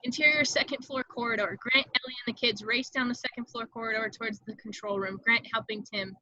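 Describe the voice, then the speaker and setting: A woman reading stage directions aloud in an amateur online table read, brisk and vivid, with occasional slips she corrects. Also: on the high side, fairly even intonation, bright, forceful tone, no room sound, dull audio.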